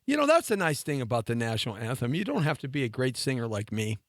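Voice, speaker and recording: A middle-aged man hosts a live radio talk show, talking fast with big swings in his medium-pitched voice. He's playful and self-mocking, teasing both himself and his cohost, and the recording has no room sound.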